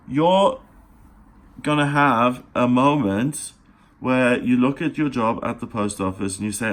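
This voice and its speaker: A man delivers a daily tarot reading to his audience in a mid-pitched, everyday voice. His tone is earnest and encouraging. He takes his time, pausing to find words. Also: a bit bright. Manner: earnest, encouraging, speaks straight to the listener; unhurried, with pauses and fillers. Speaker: tarot reader.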